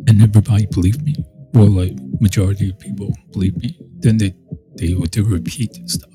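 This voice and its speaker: A man's voice: on the low side, fairly even intonation, fairly quick. A man talking in a rambling casual monologue, full of restarts and mocking quoted voices. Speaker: show host. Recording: music playing behind the voice.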